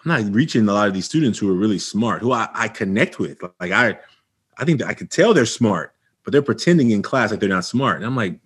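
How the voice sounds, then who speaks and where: Speaking fast in a slightly rough, fairly low voice, this middle-aged Oakland, California man tells his life story on a podcast. He's an animated guest who re-enacts past dialogue with plenty of energy in the interview.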